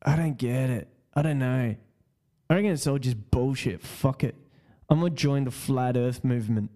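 A man's voice: medium pitch, moderate pace, warm tone. A man hosting a casual solo podcast, rambling, swearing and repeating his words. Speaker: podcast host.

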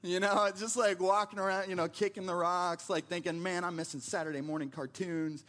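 A man's voice: high voice, flat delivery, fairly quick, a bit bright. A man preaching a sermon as pastor, telling stories in a casual, conversational way with frequent restarts.

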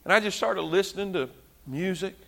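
High, bright-voiced fervent preacher. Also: male voice, fairly quick, gravelly. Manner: fervent, repetitive, conversational. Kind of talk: sermon.

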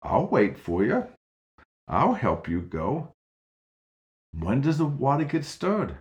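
A man's voice: mid-range voice, huge pitch swings, takes it slowly, a little mellow, dull audio, pitched above the performer's own voice. A man voicing a cheerful, friendly young girl who speaks eagerly and politely in a storybook tale. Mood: kind.

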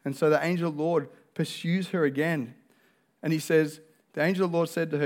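A man's voice: a little high, fairly even intonation, brisk, darkish tone. A male pastor, preaching a sermon in an earnest, conversational way.

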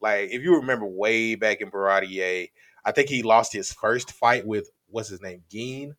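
Low-voiced, slangy podcast co-host. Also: male voice, normal speed, no echo, clean studio sound. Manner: animated, slangy, laughing recaps. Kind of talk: casual chat.

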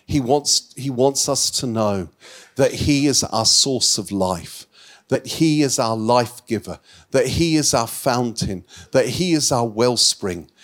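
A man preaching a sermon, telling a Bible story with lively acted-out dialogue and frequent stammered restarts. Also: slow pace. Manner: animated storytelling preacher, acts out Bible dialogue with rising pitch.

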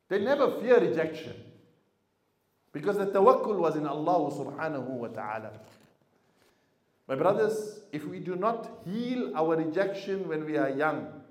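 Male imam, sermon delivery, slightly high pitch, dynamic storyteller, roomy echo. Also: animated, moderate pace. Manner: storytelling, swings from quiet to loud emphasis. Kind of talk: sermon to a congregation.

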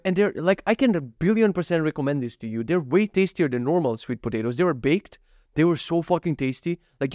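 This vlogger, a man in his thirties with a higher voice, tells animated stories from his day, cursing freely and performing his own thoughts. The casual monologue is recorded in clean studio sound without echo.

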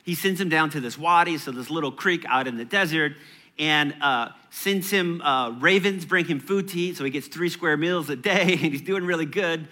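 A man's voice: on the high side, normal speed, bright, forceful tone. A man in his thirties preaching a sermon in a church, conversational and playful, with chatty asides. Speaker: pastor.

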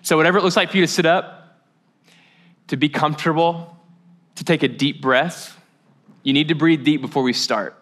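A man's voice: on the high side, normal speed, pauses often, a bit bright. A man preaching a casual sermon at a church service, telling the story in a chatty, joking way before leading a guided meditation.

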